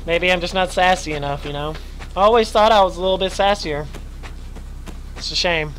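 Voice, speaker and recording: Young male streamer, high bright voice going hoarse, chatty, yelps at scares, faint hum behind. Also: brisk, poor audio. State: losing his voice, stuffy nose. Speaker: streamer playing a horror game. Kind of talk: live gaming commentary.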